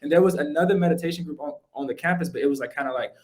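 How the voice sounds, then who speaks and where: A young man appearing as a podcast guest tells his story casually, very fast and a little high-pitched, in animated slang packed with "like" and "yo."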